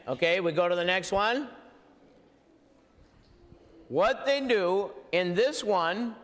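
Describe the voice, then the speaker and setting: A man with a fairly high voice teaches slowly as a preacher. He explains things step by step and checks that the listener is following. A long reverb trails each phrase. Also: a bit bright. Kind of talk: teaching commentary on played clips.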